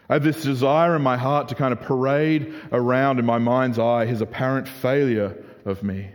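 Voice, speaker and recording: A young adult man preaching a sermon in a casual, animated way, full of "like" fillers. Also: mid-range voice, moderate pace, few pauses. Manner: conversational, animated, frequent "like" fillers. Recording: reverberant hall.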